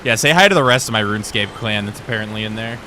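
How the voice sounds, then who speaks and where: A man's voice: fairly low pitch, expressive, quick pace, sharp tone, slight background noise. Joking young man streaming a game. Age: young adult. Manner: joking, self-deprecating banter with chat; explains boss tactics step by step. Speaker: gaming livestreamer. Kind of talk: casual live-stream chat while playing.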